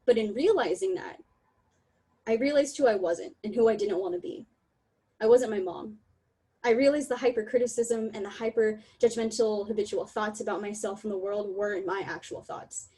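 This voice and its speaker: A young woman giving a candid, emotional online talk over a video call, laughing often and apologizing in quick asides. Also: mid-range voice, mellow, slightly rough, rough recording. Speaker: talk presenter.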